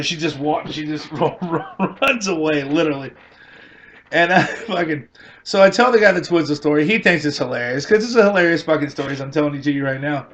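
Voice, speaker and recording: A man's voice: on the high side, fairly bright tone. A man with a Boston accent telling a rambling, profane comic story and laughing at his own punchlines. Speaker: comedian. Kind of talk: storytelling comedy rant.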